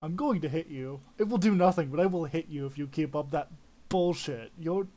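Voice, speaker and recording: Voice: medium pitch, a little fast, mellow, close to an everyday voice. Someone doing a short angry guy, swears constantly, snappy and sarcastic. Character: short, hot-tempered foul-mouthed male. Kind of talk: tabletop role-play.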